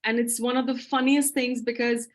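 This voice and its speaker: A woman's voice: a little high, little pitch movement, normal speed. A woman English teacher answering audience questions in a live webinar, talking with eager enthusiasm. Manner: enthusiastic, explanatory.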